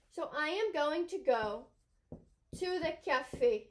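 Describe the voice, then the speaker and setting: High-voiced woman teaching French grammar. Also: expressive, moderate pace. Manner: emphatic, repeats points for students. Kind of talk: grammar lesson.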